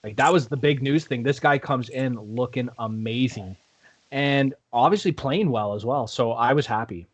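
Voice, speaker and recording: A man co-hosting a sports podcast, relaxed and a bit hesitant. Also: mid-range voice, moderate pace, husky, no echo. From Canada. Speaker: podcast co-host. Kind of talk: casual sports podcast chat.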